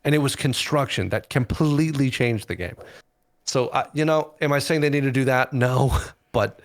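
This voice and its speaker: A man's voice: mid-range voice, normal speed. A man guesting on a casual podcast, blunt and sarcastic, swearing freely.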